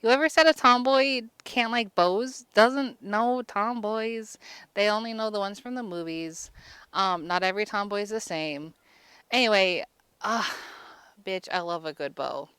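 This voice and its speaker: A woman with a bright, smooth voice riffs through a comic movie recap. She swears freely and rambles, full of "like" and "um". The sound is dry and close. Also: medium pitch, measured pace, no room sound. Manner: crude, rambling, lots of fillers. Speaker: vlogger. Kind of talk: casual comedic movie recap.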